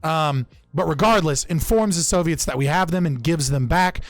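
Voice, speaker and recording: Gravelly man talking history, casual. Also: a little high, moderate pace, no room sound. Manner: loose and profane, with frequent restarts and fillers. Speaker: podcast speaker. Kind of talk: casual political history talk.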